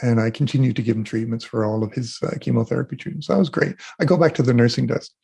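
A man being interviewed as an energy healer, telling animated stories and acting out what people said. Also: medium pitch, fast talker, vocal fry, breathy edge. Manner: animated storyteller, acts out quotes. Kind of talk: casual interview talk.

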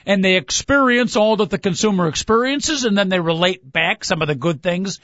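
A man's voice: high-pitched, normal speed, a bit bright, no room sound. A man hosting a casual sports radio show, wry and teasing, often chuckling. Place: radio studio. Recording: muffled lo-fi radio broadcast.

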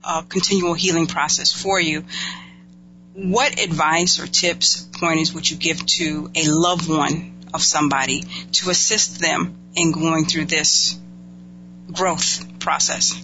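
A man's voice: a little high, steady tone, takes it slowly, over music. A man hosting an interview, encouraging and a little hesitant as he asks questions. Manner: encouraging, hesitant with fillers and restarts. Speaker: interview host. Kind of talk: interview conversation. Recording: dull lo-fi sound with clear hum.

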